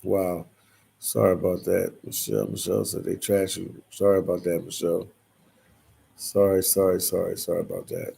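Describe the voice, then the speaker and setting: A man's voice: low voice, little pitch movement, moderate pace, creaky, mellow, husky. A man hosting a casual livestream, reading viewers' comments aloud and answering them, often repeating his phrases.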